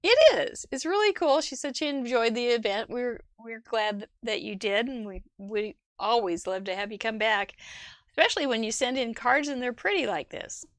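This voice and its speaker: A woman's voice: on the high side, normal speed, fairly bright tone. A woman with a Midwestern American accent hosting a live crafting show, chatting casually, giggling and thinking aloud. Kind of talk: casual live-stream chat.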